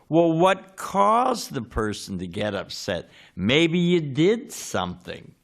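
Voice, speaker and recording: Gravelly-voiced man giving a casual sermon. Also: mid-range voice. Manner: conversational, asks the audience questions, searches for words. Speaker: swami giving a scripture class. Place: temple hall.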